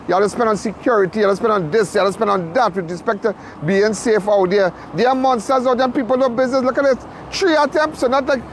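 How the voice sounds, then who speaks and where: A man with a high, ringing voice, speaking outdoors at a roadside with faint traffic noise behind him. He talks with insistent emphasis, hammering the same phrases again and again and tripping over his own restarts. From Trinidad and Tobago. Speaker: on-scene reporter and commentator. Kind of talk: impassioned on-the-spot commentary. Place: outdoors at a roadside crime scene.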